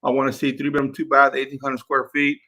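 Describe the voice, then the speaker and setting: A man's voice: medium pitch, monotone, fast talker, sharp tone. A man, a real estate investor, coaching his team in a live session, repeating points to drive them home. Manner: repeats words, drills points to his crew.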